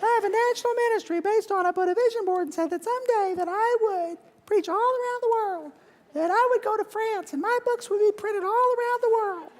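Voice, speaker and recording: A man doing a squeaky-voiced woman preacher. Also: brisk, a faint crowd. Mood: earnest. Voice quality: high, thin voice. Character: high-pitched woman preacher, small, self-doubting.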